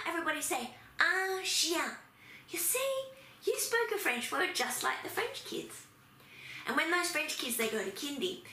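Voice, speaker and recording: A woman's voice: fairly high pitch, pushed and bright. An Australian woman demonstrating a playful preschool activity, acting things out as if for small children. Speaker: early childhood language teacher. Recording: echoey room with faint noise.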